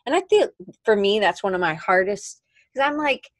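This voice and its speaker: A woman's voice: medium pitch, sing-song, moderate pace, dry recording. A woman co-hosting a podcast in casual chat, rambling and correcting herself as she talks. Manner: chatty, rambling, self-correcting. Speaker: podcast co-host.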